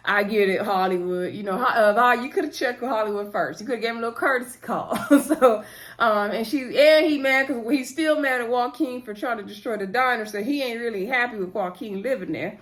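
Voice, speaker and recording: A woman's voice: fairly high pitch, fairly quick. A woman vlogger recapping a TV episode in a casual, rambling way, chatting straight to her viewers with lots of asides. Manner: rambling, talks to viewers directly, frequent "so anywho" asides.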